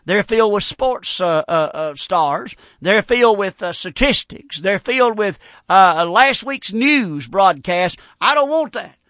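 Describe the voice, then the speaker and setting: A man's voice: sits high, lively intonation, unhurried, a bit bright, dry recording. A man preaching a fiery radio sermon, repeating phrases and building emphasis. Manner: preaching with rising emphasis and repetitions.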